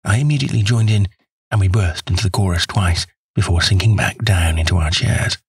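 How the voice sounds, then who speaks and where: Brief: male narrator, low gravelly-husky voice, dry close recording, measured and wry. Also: no echo. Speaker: audiobook narrator. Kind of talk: scripted first-person narration.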